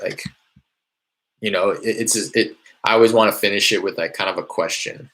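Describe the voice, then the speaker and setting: Low gravelly man explaining casually. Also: steady tone, a little fast, pushed and bright. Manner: loose and conversational, many fillers and restarts. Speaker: real estate wholesaler teaching cold calling. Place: small hot indoor room.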